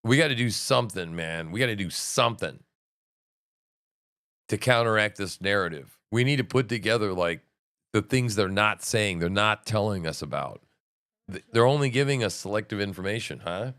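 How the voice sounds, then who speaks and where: Excitable profane man streaming live commentary. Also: on the low side, normal speed, no echo, clean studio sound. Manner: excitable, profane, swings between loud outbursts and muttering. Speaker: livestream host.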